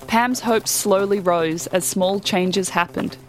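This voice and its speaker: A woman reading a children's story aloud in a lively way, acting out the characters' lines. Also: fairly low pitch, unhurried, hardly any pauses, soft background music.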